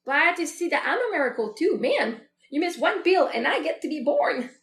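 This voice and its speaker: A woman's voice: sits high, big pitch swings, a little fast, fairly bright tone. A woman in her thirties, hosting a show and speaking candidly in a personal, reflective monologue. She talks in a chatty way, with many fillers, and often quotes her own thoughts aloud. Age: 30s. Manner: candid, chatty, full of fillers and self-quoting. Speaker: show host. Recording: roomy echo.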